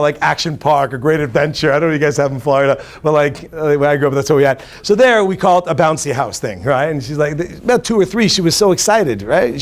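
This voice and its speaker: A man, a rabbi, giving a humorous inspirational talk to an audience in a hotel conference room, animated and quizzing the listeners as he goes. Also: fairly high pitch.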